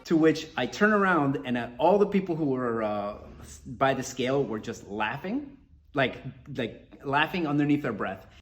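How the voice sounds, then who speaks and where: A man from Colombia, an MMA fighter, telling a story in casual, animated talk. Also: mid-range voice, normal speed, soft background music. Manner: animated, lots of fillers and restarts. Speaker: MMA fighter, podcast guest.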